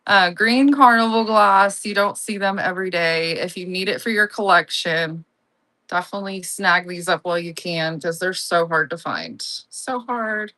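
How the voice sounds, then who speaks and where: A woman's voice: medium pitch, pushed and bright. A woman hosting a live online auction, chatting and gushing over her items as she rambles between sales. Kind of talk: casual live-selling chat.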